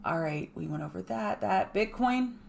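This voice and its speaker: A woman hosting a live trading show, walking viewers through charts in a brisk, emphatic way with chatty asides. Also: mid-range voice, lively intonation, creaky, darkish tone. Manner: brisk, emphatic, repeats key points. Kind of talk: live market chart analysis.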